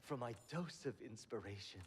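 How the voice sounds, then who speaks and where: A man's voice: medium pitch, animated, moderate pace, close to an everyday voice. An actor playing a dramatic, poetic young man villager in a video game, speaking grandly. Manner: grandiloquent, theatrical.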